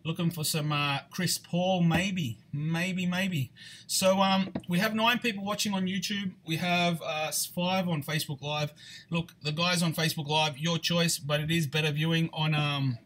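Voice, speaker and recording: A man with a slightly high voice runs a live card break stream. He talks in a loose, halting way, full of ums and restarts. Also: level tone, a bit bright. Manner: chatty, halting, many fillers and restarts.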